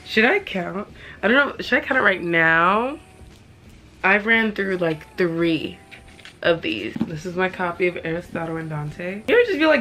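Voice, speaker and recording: A young woman vlogging about books she read, emotional and gushing, talking in quick excited bursts. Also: medium pitch. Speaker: book vlogger. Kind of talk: casual reading vlog chat.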